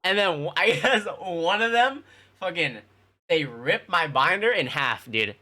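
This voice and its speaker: A man's voice: high voice, lively intonation, measured pace, pushed and bright. A young man casually telling childhood stories to his stream chat, rambling and swearing with plenty of fillers. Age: young adult. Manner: rambling, profane, lots of fillers.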